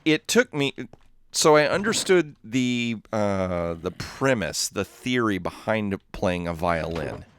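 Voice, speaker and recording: A man's voice: medium pitch, dry recording. A man with a Southern Texas accent, chatting casually on a gaming livestream, rambling and reading viewer chat aloud. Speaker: streamer.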